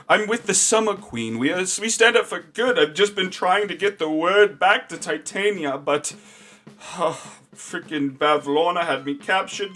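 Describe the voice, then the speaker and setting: A man's voice: sits high, fairly bright tone, voice pushed up. A flustered little dragon knight, put on by a man, whose voice sits far above a normal man's. He stammers and tumbles over his words, pleading breathlessly for rescue. Faint music plays behind him. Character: tiny male purple dragon knight, flustered.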